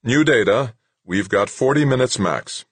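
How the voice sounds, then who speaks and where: A man's voice: sits low, expressive, normal speed, slightly rough, no room sound, voice pushed up, full character voice. A man playing a terse, tense engineer. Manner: terse, muttering under pressure. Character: tense male engineer in a spacesuit.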